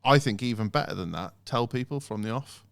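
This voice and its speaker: A man co-hosting a casual podcast, animated and lively, breaking into mocking imitations of automated phone messages. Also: medium pitch, a little fast, vocal fry, no room sound. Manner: animated, mimics phone recordings in sing-song voices. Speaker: podcast co-host.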